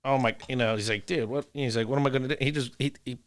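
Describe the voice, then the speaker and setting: A man telling animated stories in a casual podcast chat, laughing often and acting out dialogue. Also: mid-range voice, quick pace, dry recording. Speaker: podcast guest, food truck owner.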